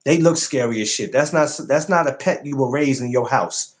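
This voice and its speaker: A man hosting a live podcast stream, chatting casually and animatedly, swearing freely and jumping up high when he mocks something. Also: normal speed.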